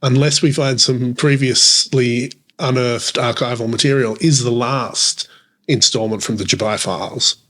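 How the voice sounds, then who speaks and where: A man's voice: medium pitch, steady tone, measured pace, fairly bright tone. Chatty man co-hosting a podcast. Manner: chatty, rambling with fillers and restarts. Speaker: podcast co-host. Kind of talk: casual chat.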